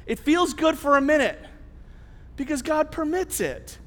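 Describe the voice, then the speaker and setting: A man preaching a sermon as a pastor, telling the story in an animated, conversational way. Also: extremely high pitch, measured pace, long reverb tail.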